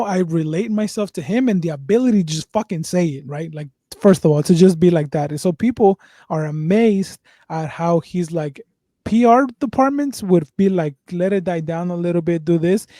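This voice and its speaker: A man's voice: on the high side, mellow, no room sound. A man hosting a podcast, chatting casually, rambling and swearing with lots of fillers and restarts. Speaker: podcast host.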